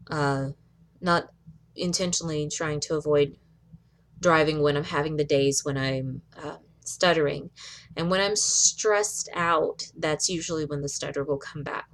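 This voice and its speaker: Low-voiced woman giving a halting update. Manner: halting, hesitant, many fillers and restarts. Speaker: vlogger. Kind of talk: personal video update. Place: in or near Fresno.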